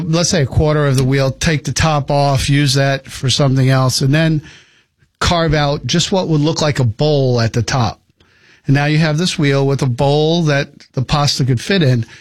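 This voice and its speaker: A man's voice: mid-range voice, no room sound. A man co-hosting a casual chat, explaining a cooking technique at length in an easygoing way. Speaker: podcast co-host.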